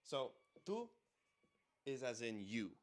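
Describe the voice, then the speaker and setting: A man walks through grammar in a relaxed, chatty teaching voice. He sits at a middle pitch and keeps coming back to repeat short example phrases aloud. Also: slow pace. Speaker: Spanish teacher. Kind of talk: casual explanatory lesson.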